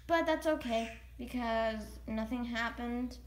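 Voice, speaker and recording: A woman's voice: on the high side, steady tone, slight background noise. A young girl chatting casually about her pets, rambling and restarting often. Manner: rambling, halting, full of restarts. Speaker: vlogger. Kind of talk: casual pet vlog.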